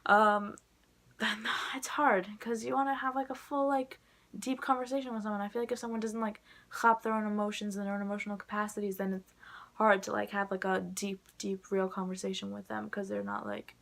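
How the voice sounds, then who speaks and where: Chatty young woman with a gravelly edge. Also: mid-range voice, flat delivery, brisk, fairly bright tone. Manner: rambling, chatty, full of "like" fillers. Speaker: vlogger. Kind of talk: casual chat to camera.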